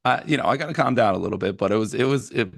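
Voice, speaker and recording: Gravelly New man telling sports stories. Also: racing, dry recording, studio quality. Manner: animated storytelling, acting out fans with sudden high yells. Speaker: podcast co-host. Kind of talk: casual sports chat.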